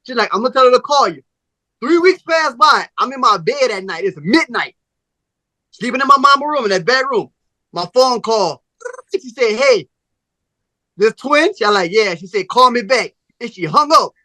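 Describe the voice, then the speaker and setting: A man with a very high voice speaks at normal speed on a dry recording. A podcast host in casual chat, he tells a long personal story with plenty of profanity, animatedly acting out both sides of each conversation.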